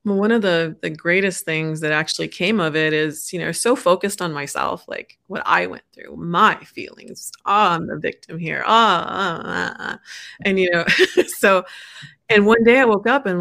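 Gravelly-voiced woman speaking heartfelt as a guest. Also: lowish voice, a bit bright. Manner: halting and heartfelt, many restarts. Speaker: interview guest. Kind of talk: casual interview chat.

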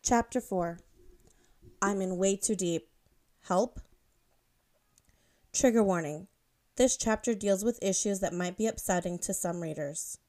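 A woman author reading her own fan fiction aloud in a steady, plain voice. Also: mid-range voice, measured pace, pauses often. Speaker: author and reader.

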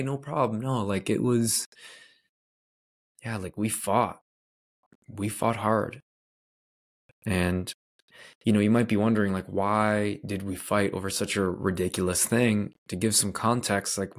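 A man's voice: lowish voice, steady tone, measured pace. A man from Canada hosting his own podcast, telling a personal story in an earnest, candid way with lots of casual "like" fillers. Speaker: podcast host.

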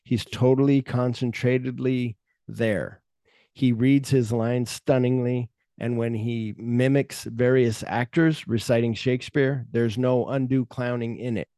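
A middle-aged man hosts a laid-back movie podcast and acts out scenes as he retells them. His voice is mellow and dark, at an ordinary pitch. The sound is dry and close. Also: steady tone, measured pace, no room sound. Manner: retells scenes with quoted lines, swears freely. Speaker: podcast host. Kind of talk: casual film chat.

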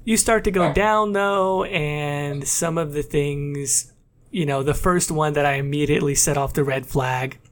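A man co-hosting a podcast in casual chat, animated and full of fillers and restarts. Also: on the high side, measured pace. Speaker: podcast co-host.

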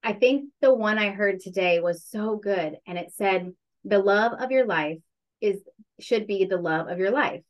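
A woman's voice: mid-range voice, unhurried, poor audio. A woman guest in a casual interview, speaking candidly and reflectively, stretching words for emphasis.

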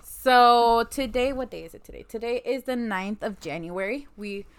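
A young woman co-hosting a podcast, chatting casually, emotional and animated, laughing often. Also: a little high, moderate pace, clean tone. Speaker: podcast co-host. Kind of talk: casual chat.

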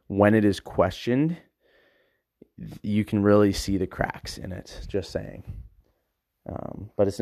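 A man's voice: fairly low pitch, darkish tone, no echo, studio quality. A man talking casually and emphatically, rambling and repeating words as he explains his views. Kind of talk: casual monologue on psychology.

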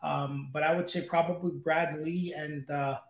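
A man's voice: fairly high pitch, steady tone, a little slow, reverberant. A man chatting casually as a podcast guest, talking eagerly and rambling with fillers. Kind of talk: casual chat. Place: room at home with guitars.

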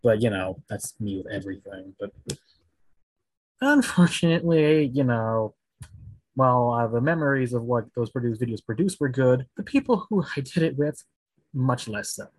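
A man's voice: medium pitch, expressive, moderate pace, slightly rough, dry recording, low-quality recording. A man in casual podcast chat who talks in a rambling, candid way.

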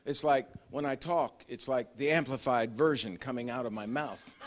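A man's voice: mid-range voice, normal speed, slight background noise. An older man preaching a conversational sermon, often repeating words and chuckling as he talks. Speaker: pastor.

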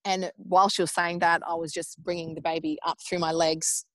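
A woman's voice: on the low side, fairly quick, dry recording. Chatty Australian woman, dry close sound. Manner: animated, acts out quoted speech in raised voices; chatty with frequent fillers like "like" and "um". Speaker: podcast guest. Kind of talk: casual chat, personal storytelling.

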